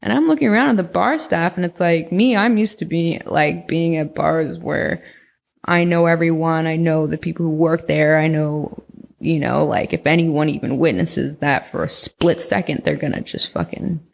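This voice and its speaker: Gravelly young woman telling a story. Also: low voice, normal speed. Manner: rambling, heavy use of "like", frequent swearing. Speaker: podcast guest recounting experiences. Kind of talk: casual storytelling in conversation.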